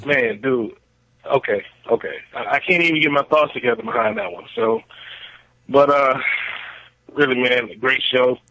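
A man leaving a voicemail for a podcast, slangy and excitable, laughing often. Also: mid-range voice, normal speed, gravelly, long pauses, dry recording. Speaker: caller. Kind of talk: voicemail message. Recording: dry, muffled voicemail recording.

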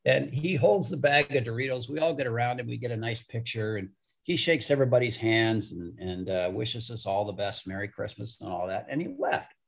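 A husky middle-aged man on a podcast, warmly spinning a long anecdote. His voice sits in an ordinary middle register with a slightly rough edge. He acts out the people he quotes as he goes. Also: mid-range voice, a little fast. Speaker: hockey broadcaster. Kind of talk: storytelling podcast interview.

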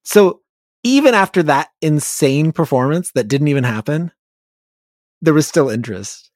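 A man hosting a podcast, telling a side story in a relaxed, conversational way. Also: a little high, moderate pace, no room sound, clean studio sound. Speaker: podcast host.

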